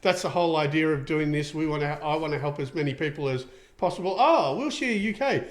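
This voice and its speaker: This middle-aged Australian show host talks fairly quickly in a fairly high voice with lively intonation. He rambles and chats through a casual livestream, dropping plenty of ums while reading viewer comments aloud.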